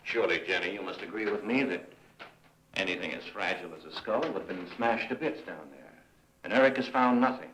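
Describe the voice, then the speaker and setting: Actor playing a calm reasoning reverend. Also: male voice, sits low, brisk, a little hiss or hum, lightly acted. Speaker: film character. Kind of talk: 1950s film acting. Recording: roomy old film soundtrack.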